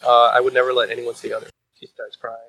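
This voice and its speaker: A man's voice: mid-range voice, completely flat delivery, fast talker, bright, forceful tone, breathy edge, dry recording, rough recording. A man recapping a manga chapter in casual chat, rambling with fillers and restarts, swearing and laughing at the story.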